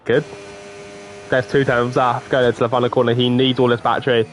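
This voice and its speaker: A man commentating live on a sim racing qualifying session, swinging between low murmurs and excited outbursts. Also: a little fast. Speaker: race commentator.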